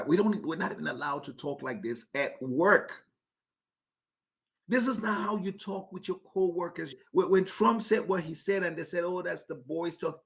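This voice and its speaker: His mid-range voice is gravelly with a fairly bright tone. As a podcast host sharing strong opinions, he speaks emphatically, asks listeners rhetorical questions, and tends to repeat words when kicking off sentences.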